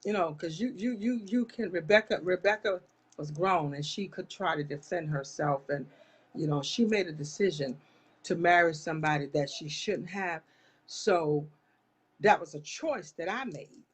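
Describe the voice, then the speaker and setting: A woman's voice: fairly low pitch, moderate pace, breathy edge. A woman hosting a live online talk show, speaking straight to her viewers in an impassioned, churchy way. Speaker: live-stream host. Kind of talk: casual live chat.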